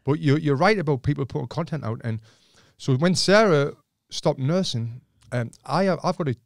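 A man's voice: on the high side, normal speed, vocal fry, no room sound, clean studio sound. A man, a former boxer, telling stories as a podcast guest in casual chat, swearing freely and acting out the lines of the people in his stories. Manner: swears freely, retells dialogue with gusto.

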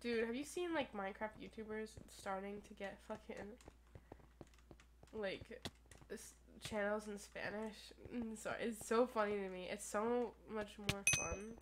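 A young woman giving gameplay commentary at her computer, full of crude, profane, playful trash talk and quick rants. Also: medium pitch, steady tone. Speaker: gaming YouTuber. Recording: noisy recording with keyboard clicks.

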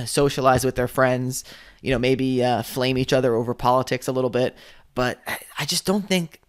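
Casual rambling man teaching online business. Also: mid-range voice. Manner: rambling, filler-heavy, dryly sarcastic. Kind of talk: casual screen-share commentary.

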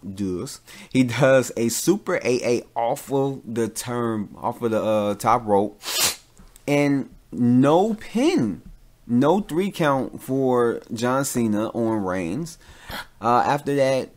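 A man hosting his own podcast, giving casual solo commentary in an animated, rambling rant full of fillers and restarts. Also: medium pitch, slow. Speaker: podcast host; father.

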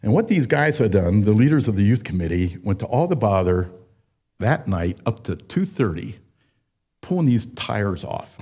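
A man in his seventies preaching a sermon, telling folksy stories with frequent pauses and fillers. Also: fairly low pitch, sing-song, dark tone, slightly rough. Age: 70s. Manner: folksy storytelling, with many uh fillers. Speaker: pastor.

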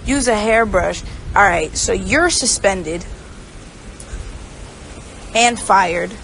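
At home on a livestream, a young woman who sings chats casually into her phone, rambling, swearing freely, and reading viewer comments out loud. Her medium-pitched voice is expressive, very slow, creaky, and fairly bright. There's slight background noise indoors.

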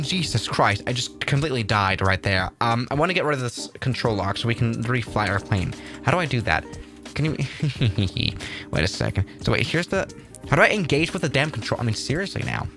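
A man chatting excitably through a flight simulator livestream, often restarting his sentences. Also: medium pitch, fairly quick, over music. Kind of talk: casual livestream commentary.

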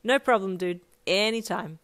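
A woman's voice: medium pitch, moderate pace, fairly bright tone, natural voice. A cheeky, teasing teenage boy, as a woman reads him. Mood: playful. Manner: teasing, sly.

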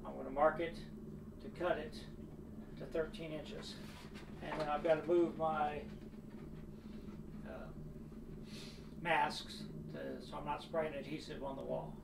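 A man's voice: fairly high pitch, level tone, unhurried, pauses often. A man casually talking through a hobby build at home, thinking aloud with plenty of filler words, recorded on a phone camera. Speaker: model railroad hobbyist. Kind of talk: casual how-to narration. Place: home, kitchen table area. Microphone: phone camera, sometimes on tripod. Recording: roomy and distant phone audio with clear noise.

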